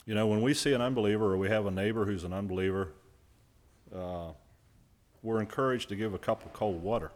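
A man's voice: lowish voice, fairly quick. Man preaching a sermon, asking and answering. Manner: asks the congregation questions and answers them; stresses key words by repeating them.

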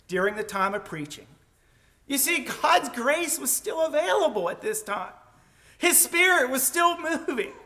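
A man preaching a sermon in a church sanctuary, telling the story slowly and emphatically with many rhetorical questions. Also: extremely high pitch, bright, forceful tone. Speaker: pastor.

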